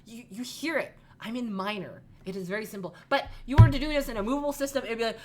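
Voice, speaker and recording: A woman's voice: a little high, quick pace, few pauses, background noise. A young woman giving a comedic, exasperated rant about music theory. She talks emphatically, sighs, and laughs at herself.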